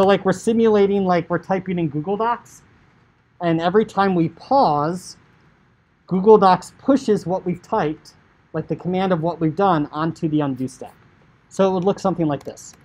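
A man teaching high school computer science, talking casually through code on screen, often saying "like" and acting out what a user might think. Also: darkish tone, low-quality recording. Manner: chatty, filler "like", acts out inner thoughts. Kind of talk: casual coding screencast lecture.

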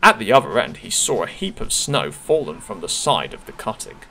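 A man reading a children's railway storybook aloud with expressive narration. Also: lowish voice, normal speed, creaky, a little hiss or hum. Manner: expressive, gently paced narration.

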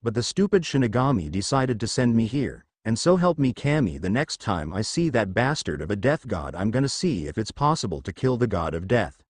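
A man voicing a brash, cocky young male ninja warrior who talks sarcastic and deadpan, in a read-aloud story. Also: fairly low pitch, brisk, few pauses, no echo, clean studio sound.

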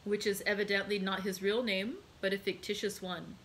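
A woman reading aloud as a grave, reserved nobleman, speaking in a measured way. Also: mid-range voice, flat delivery, fairly bright tone, slight background noise, lightly acted, low-quality recording. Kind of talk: read-aloud storytelling.

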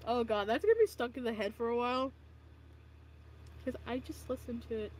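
A woman's voice: a little high, brisk, darkish tone. A young woman casually vlogging about her old art, self-mocking and dramatic, with groans and giggles. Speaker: video creator. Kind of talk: casual vlog reacting to own old art.

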